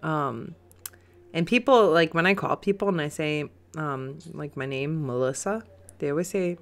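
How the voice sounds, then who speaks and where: Giggly woman with a lowish voice. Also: normal speed. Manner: giggly, rambling, many "um"s and "like"s. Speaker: podcast co-host reading live chat. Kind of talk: casual chat.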